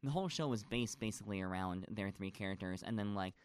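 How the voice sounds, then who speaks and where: A man's voice: on the low side, quick pace. Rambling man gushing over a show. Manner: rambling, gushing, heavy on fillers. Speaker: stage actor guest. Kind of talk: casual chat.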